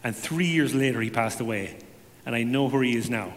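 A man giving a personal testimony to a congregation, telling it as an animated story with self-deprecating humor. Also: medium pitch, a little fast, in a large hall.

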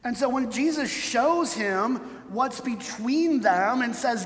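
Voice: mid-range voice, animated, takes it slowly, few pauses, in a large hall, low-quality recording. A preacher giving a sermon in an easy, conversational way, often checking in with "right?" and acting out the people being quoted. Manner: conversational, tags points with "right?"; acts out quoted voices for emphasis.

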